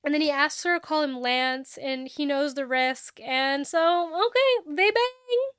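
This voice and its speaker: A young adult woman co-hosting a book podcast, retelling a novel's plot in casual chat and acting out the characters' lines in quick quotes. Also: high voice, no echo, clean studio sound. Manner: animated storyteller, acts out dialogue with quick quotes.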